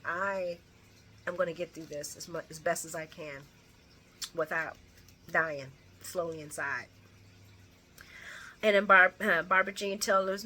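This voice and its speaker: A woman recapping a soap opera in a casual, animated way, blunt and profane, and acting out the scenes as she goes. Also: on the low side, measured pace, long pauses, a little hiss or hum.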